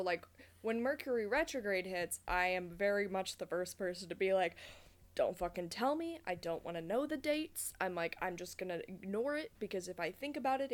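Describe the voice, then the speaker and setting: A young woman co-hosting a podcast, chatting casually and animatedly, swearing and laughing often. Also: mid-range voice. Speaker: podcast co-host. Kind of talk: casual chat.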